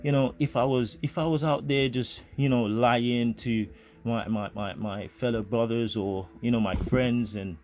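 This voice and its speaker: A man's voice: medium pitch, fairly even intonation, unhurried, darkish tone. A man telling a personal spiritual story in an earnest, rambling way, full of fillers and restarts. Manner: earnest, grateful. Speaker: vlogger.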